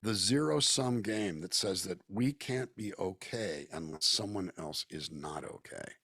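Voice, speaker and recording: Low raspy guy from socal chatting on a video call, thoughtful and talkative, dry sound. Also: measured pace, pushed and bright, no room sound. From Southern California. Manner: reflective, talkative, acts out quoted voices. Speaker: guest musician and actor. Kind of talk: casual interview chat.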